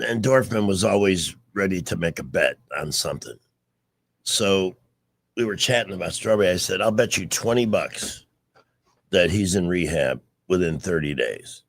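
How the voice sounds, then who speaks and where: A man's voice: sits low, vocal fry, a bit bright. A man in his sixties hosting a casual radio chat show, telling rambling stories with restarts.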